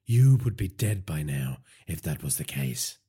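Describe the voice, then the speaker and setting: A man's voice: very deep voice, sing-song, unhurried, dark tone, slightly rough, voice pushed down, heavily acted. A man voicing a cold, vengeful vigilante father in an audiobook, terse and emotionless. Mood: menacing. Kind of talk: audiobook character voice.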